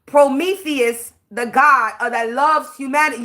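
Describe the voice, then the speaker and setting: High-voiced woman ranting slowly. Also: sharp tone. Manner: blunt, profane, preachy. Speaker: spiritual reader. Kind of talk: livestream rant.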